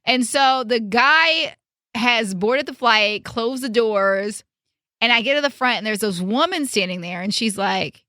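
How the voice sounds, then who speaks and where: A young woman hosting a podcast, telling a story in a casual, animated and emphatic way, with some swearing. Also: a little high, moderate pace, dry recording, clean studio sound. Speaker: podcast host.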